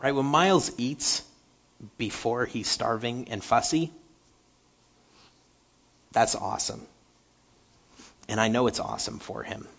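A man preaching a sermon, halting and repeating words, moving from animated stretches to hushed earnest ones. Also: mid-range voice, creaky, highs cut off.

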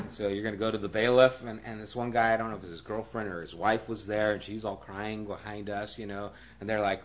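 A man preaching a sermon as pastor, emphatic and repeating key phrases, often dropping to a hushed, near-whispered voice. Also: lowish voice, flat delivery, quick pace, few pauses.

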